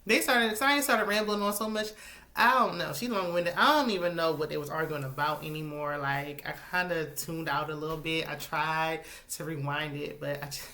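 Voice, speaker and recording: A sassy woman with a lowish, bright, forceful voice chats through her reality TV recap. She drops into asides and shoots up into high exclamations when something annoys her. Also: moderate pace. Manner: sassy, animated commentary with sudden high-pitched exclamations. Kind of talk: casual chat.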